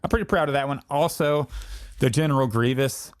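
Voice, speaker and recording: A man's voice: medium pitch, a little fast. A man hosting a podcast in casual, easygoing chat, talking loosely with many fillers. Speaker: podcast host.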